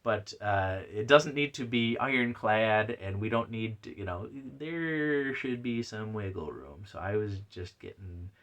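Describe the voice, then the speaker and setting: A man's voice: fairly low pitch, measured pace, few pauses, fairly bright tone, slight background noise. A man hosting a casual solo comic review podcast, rambling and chatty with lots of fillers and restarts. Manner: reads out messages with playful put-on voices. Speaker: podcast host.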